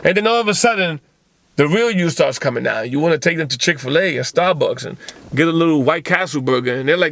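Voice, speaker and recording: A man's voice: a little high, expressive, quick pace, gravelly, a bit bright, no room sound. Blunt, profane motivational man. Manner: blunt, profane, lecturing the listener; rhetorical questions to the audience. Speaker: motivational show host. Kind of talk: casual motivational talk.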